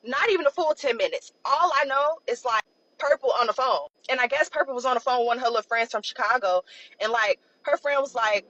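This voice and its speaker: A woman's voice: high-pitched, expressive, a little fast, bright, forceful tone, dry recording, dull audio. Chatty young woman telling a story. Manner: chatty, loose, peppered with "like" and "blah, blah". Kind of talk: casual storytime.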